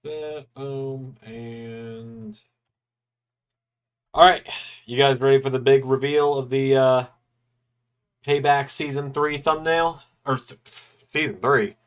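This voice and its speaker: A man's voice: mid-range voice, slow pace, pauses often, clear, resonant tone. A young man hosting a casual livestream from his apartment, chatting loosely while he works and yawning now and then. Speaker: streamer hosting a watch-along.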